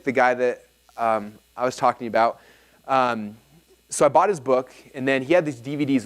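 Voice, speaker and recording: A man leading a live workshop seminar, telling stories energetically and checking in with his audience. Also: mid-range voice. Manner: energetic, animated storyteller, often checks in with the audience. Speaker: workshop speaker. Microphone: filmed talk.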